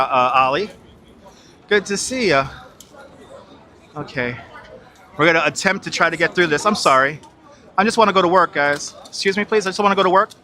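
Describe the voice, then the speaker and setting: A high-pitched man, his voice very bright and cutting. He narrates a walk through crowded outdoor streets in a casual, swearing, exasperated running commentary, recorded on a wireless lapel mic. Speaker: live streamer walking the city. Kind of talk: casual live-stream commentary. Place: busy city streets outdoors.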